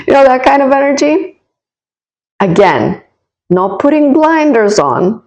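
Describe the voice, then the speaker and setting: Her voice is high-pitched and sing-song, with a measured pace and frequent pauses, and the audio is poor. As a tarot reader giving a casual reading, she speaks directly to the listener with warmth, encouragement, and reassurance, rambling through restarts and asides as each card is turned.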